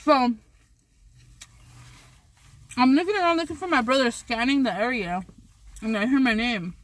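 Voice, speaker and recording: A woman's voice: fairly high pitch, moderate pace, dry recording. A woman vlogger telling a story while eating on camera, rambling with many restarts and swearing freely.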